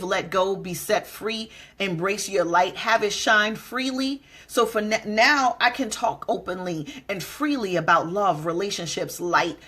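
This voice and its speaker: With a slightly rough, somewhat bright voice, a middle-aged woman gives a forceful motivational speech. She draws out important words and acts out quotes, her pitch jumping abruptly.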